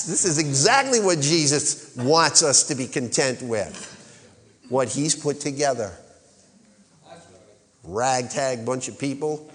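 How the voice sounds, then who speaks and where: A man's voice: medium pitch, lively intonation, takes it slowly, a bit bright, big-room sound. A male pastor preaching a sermon, rising to emphatic peaks and calling on the congregation to answer. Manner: rises to emphatic peaks, calls for congregation response.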